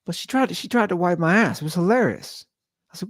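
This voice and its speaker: Lively rambling male podcast host. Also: high-pitched, fast, no room sound, clean studio sound. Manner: rambling, joking, self-deprecating; repeats and restarts words. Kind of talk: casual solo podcast rant.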